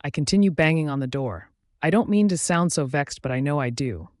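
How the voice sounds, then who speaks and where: A man narrates a fantasy romance audiobook in the first person. His reading is expressive and dramatic, with a lively, moving pitch. The sound is dry and close. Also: brisk, dry recording. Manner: expressive, dramatic inner monologue.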